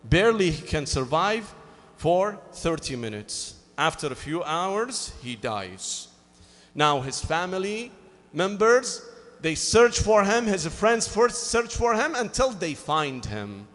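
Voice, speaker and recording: A man's voice: sits high, takes it slowly, in a large hall. A man who speaks English as a second language, preaching a sermon as he tells a story with lots of "you know" fillers. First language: Arabic. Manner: animated, acts out both sides of a dialogue, frequent "you know" fillers.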